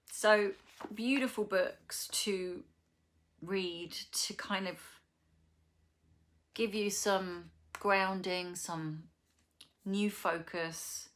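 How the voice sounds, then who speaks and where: A middle-aged woman with an English accent, chatting casually and reading poetry aloud, soft and emotional with breathy whispered asides. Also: on the low side. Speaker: vlogger.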